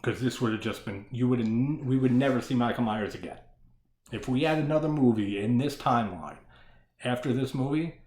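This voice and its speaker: A man's voice: mid-range voice, roomy sound. A man giving a casual solo discussion of a horror film, ranting with plenty of swearing and frequent laughter. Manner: profane, ranting, laughs often.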